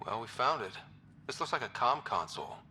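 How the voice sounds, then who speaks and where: A man's voice: mid-range voice, very animated, brisk, bright, forceful tone, slight background noise, full character voice. An actor playing a skeptical young male space explorer with a dry, sardonic manner.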